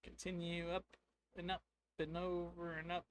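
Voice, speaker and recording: A streamer recounts a tabletop adventure to his chat, rambling and playful as he acts out lines. His voice is high-pitched and smooth, at a moderate pace, with a completely flat delivery.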